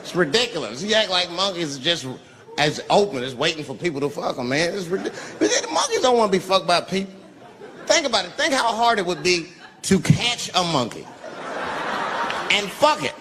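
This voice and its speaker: A man's voice: sits high, sing-song, normal speed. A man doing a stand-up comedy routine on stage, telling a profane story with big swings in his voice. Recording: live crowd laughter over loud room noise.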